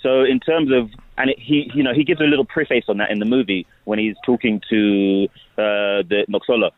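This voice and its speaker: A man's voice: fairly low pitch, fairly quick, no room sound. A man with a South London British accent, an actor chatting animatedly as a radio interview guest. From UK, South East London. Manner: animated, playful, restarts often. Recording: tinny phone-like line.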